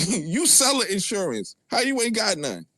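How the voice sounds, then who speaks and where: A man with a Brooklyn accent, taunting and profane as he mocks a rival on a live audio chat. His voice sits a little high for a man. The sound is dry and close. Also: wildly swooping pitch, moderate pace, pushed and bright, no echo. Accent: Brooklyn New York. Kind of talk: heated trash talk on a live audio chat.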